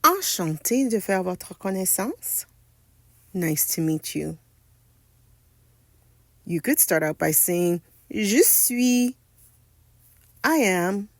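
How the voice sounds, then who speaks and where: A woman teaching French phrases in a scripted lesson narration, speaking slowly and carefully and stressing each French word. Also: on the low side, very animated, no echo. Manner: slow, careful, spells out and stresses French words.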